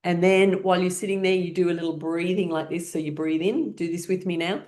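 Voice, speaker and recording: A woman with a somewhat low voice guides a laughter yoga class. She talks in a playful, encouraging way and invites everyone to copy her. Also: fairly even intonation, fairly quick, darkish tone. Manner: playful and encouraging, leads by example.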